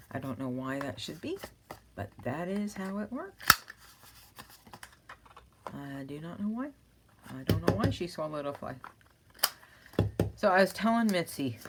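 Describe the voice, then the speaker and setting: A woman's voice: low-pitched, heavy background noise. A woman hosting a crafting channel, chatting casually and rambling as she works, breaking into laughter at her own stories.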